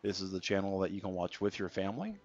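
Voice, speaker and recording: A man's voice: sits low, fast. A man streaming a game, chatting casually and reading out viewer comments. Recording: dull lo-fi stream audio with faint music.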